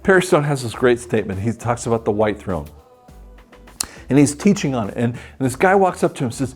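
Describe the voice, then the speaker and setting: A man teaching the Bible in a sermon style, animated and acting out the voices of the people he quotes. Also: mid-range voice, fairly quick, soft background music.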